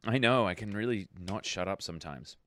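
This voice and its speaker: In this casual podcast chat, the young Australian co-host speaks briskly in a lowish voice, with no room sound. He rambles through his points in an animated way, cutting himself off as he goes.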